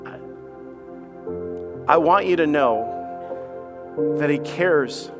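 A man's voice: animated, drawn-out words, over music. A man preaching a sermon as pastor, impassioned, stammering over repeated words and acting out the voices of doubters. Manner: impassioned, acts out doubting voices with rising pitch.

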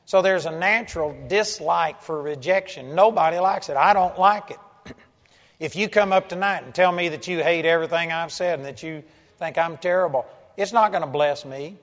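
High-voiced man preaching a folksy sermon. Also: moderate pace, a bit bright. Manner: folksy, blunt and joking. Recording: dull lo-fi sound with long hall reverb.

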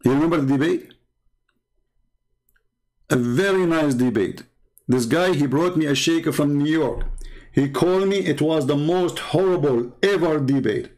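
Man, Arabic accent, taunting commentary, sarcastic, slightly high voice. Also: unhurried, pauses often, a little mellow. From Arab world. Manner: taunting, sarcastic, repeats words in bursts. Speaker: Christian apologist. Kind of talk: mocking polemical commentary.

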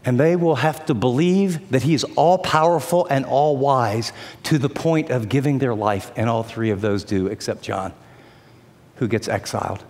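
A man preaching a sermon as an animated storyteller who acts out the voices of the people in his story. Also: mid-range voice, moderate pace, in a large hall.

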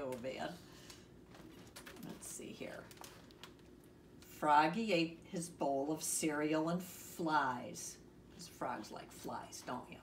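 A woman reading a children's picture book aloud with expressive voices and chatty asides to the listener. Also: low voice, takes it slowly, recorded from a distance. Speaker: storyteller. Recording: echoey room, off-mic, faint hiss.

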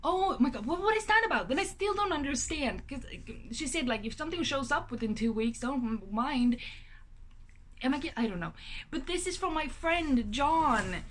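A young woman with a high voice talks to the camera in her apartment as she opens a package for a casual unboxing vlog. Chatty and excitable, she gasps, exclaims, and rambles through asides full of fillers at a moderate pace. A faint hiss runs beneath the home recording.

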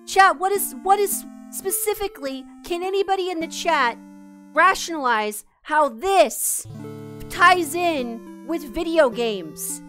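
A woman's voice: very high voice, expressive, slow, fairly bright tone, faint music behind. A woman streamer venting angrily and profanely to her live chat, exasperated and swearing. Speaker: streamer host. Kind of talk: heated live-stream rant.

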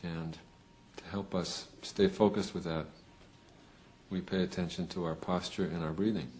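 A man teaching Zen, giving meditation instructions in a calm, measured way with unhurried pauses. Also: sits low, slight background noise.

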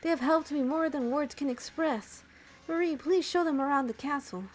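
A woman reading the lines of a gentle, polite young prince in a video game. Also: sits high, normal speed, lightly acted.

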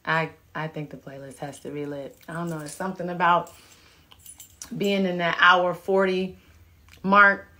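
A woman in her thirties talks to her viewers through a phone live stream from home. Her delivery is unhurried and loose, chatty, with laughing asides as she reads their comments. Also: lowish voice, level tone, sharp tone. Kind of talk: casual chat reading viewer comments. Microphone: phone camera.

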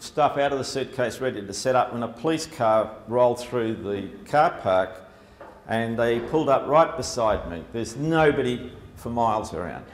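A man giving a chatty, humorous public talk with slides to an audience, with lots of fillers. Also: medium pitch. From Australia. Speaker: speaker. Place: lecture hall before an audience. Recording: echoey hall, faint background noise.

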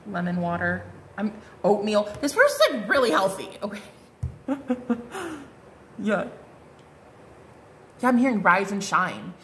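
A woman's voice: mid-range voice, very animated, unhurried, long pauses, fairly bright tone, slight background noise. A woman giving a casual tarot card reading, chatty and bubbly, full of fillers and exclamations. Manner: chatty, bubbly, lots of "like" and "oh my God".

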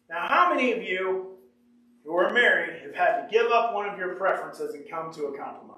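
A man preaches with a notably high voice, reading scripture aloud and repeating key lines for emphasis. The mic sits well back from him, so his voice rings through a very reverberant church room. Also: animated, brisk, pushed and bright, slight background noise. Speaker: pastor. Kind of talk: sermon. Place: church sanctuary. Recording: echoey room, mic far off.

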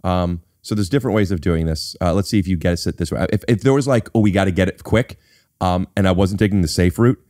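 A man's voice: sits low, quick pace, dark tone, no room sound. A man hosting a podcast, explaining things in a playful, mock-serious way into a studio mic. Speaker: podcast host and actor. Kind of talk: casual podcast chat.

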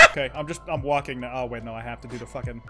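A young man doing excitable, profane commentary while playing a fighting game. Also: medium pitch, racing, faint music behind. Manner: excitable, swears a lot. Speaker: gaming streamer.

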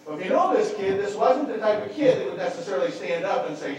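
A man's voice: high-pitched, expressive, a little fast, hardly any pauses, darkish tone, distant mic. A man preaching a sermon and telling stories, often repeating words as he restarts. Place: church sanctuary. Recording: echoey church hall, mic from afar.

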